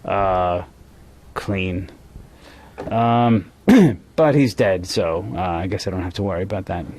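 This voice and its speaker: A man's voice: low-pitched, takes it slowly, a little mellow. A man co-hosting a podcast in casual chat, profane and rambling, a little tipsy. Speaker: podcast co-host.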